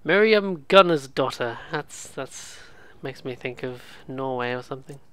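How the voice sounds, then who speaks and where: Sarcastic guy rambling through a let's play, bright voice, smooth and clear. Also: mid-range voice, flat delivery, measured pace. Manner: sarcastic, swears freely, rambling. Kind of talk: casual gameplay commentary.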